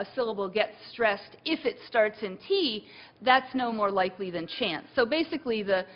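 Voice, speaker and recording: Woman lecturing, muffled recording. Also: mid-range voice. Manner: thinking aloud with many fillers and restarts. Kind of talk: university lecture.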